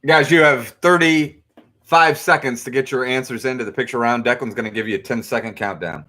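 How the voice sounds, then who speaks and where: A young man hosting a casual live trivia night, reading out answers with relaxed asides and self-corrections. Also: medium pitch, a little fast.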